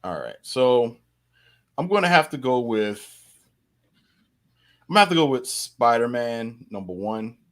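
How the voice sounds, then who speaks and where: A man speaking as a guest in a casual movie review chat, animated and full of stammering restarts. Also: medium pitch, measured pace, pauses often. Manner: animated, stammering restarts, frequent "you know".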